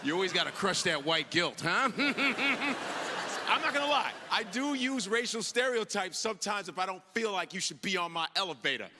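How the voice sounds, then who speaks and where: A man performing a stand-up comedy set on a club stage, acting out characters with sudden shouted outbursts. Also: high-pitched, normal speed. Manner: animated, acts out characters with big shouted outbursts. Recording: live club recording with audience noise.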